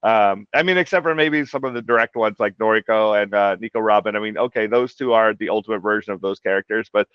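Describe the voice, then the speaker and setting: In a casual interview, a man talks fast with few pauses about translating a comic, rambling with lots of "like" and "you know." His fairly low voice sounds clear and resonant, and the lo-fi recording is dull and dry.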